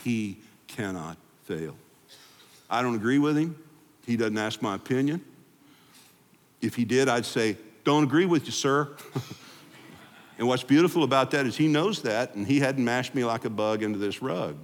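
A man pastor giving a freewheeling, conversational sermon to a congregation, then leading a quiet closing prayer. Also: mid-range voice, moderate pace, long pauses. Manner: freewheeling, conversational preaching that drops to a hushed prayer. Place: church sanctuary before a congregation. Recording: long hall reverb in a church sanctuary.

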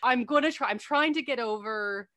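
A woman's voice: on the high side, moderate pace, sharp tone. A woman co-hosting a podcast who speaks candidly and laughs at herself in casual book-club chat.

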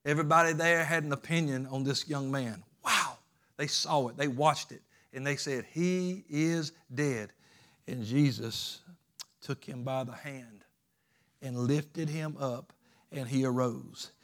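A man preaching a sermon as pastor, emphatic and repetitive, swinging between loud urgent peaks and quiet low passages. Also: fairly even intonation, unhurried.

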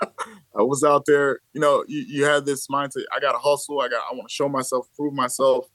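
As a podcast guest, this man in his thirties from the Chicago area, USA, a baseball coach, spins animated stories, laughing a lot and performing the quotes. He talks briskly in a mid-range voice with no echo.

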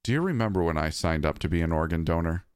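A man voicing a dead wife who speaks through six strangers at once, calm and unsettling. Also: low voice, fast, clear, resonant tone, no echo, studio quality. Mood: calm, insistent. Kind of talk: storytelling narration.

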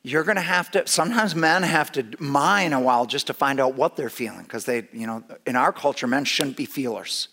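A middle-aged man telling a humorous story to an audience, lively and full of restarts. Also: fairly quick, hardly any pauses. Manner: animated, with big swings in pitch and loudness; repeats and restarts phrases as he talks.

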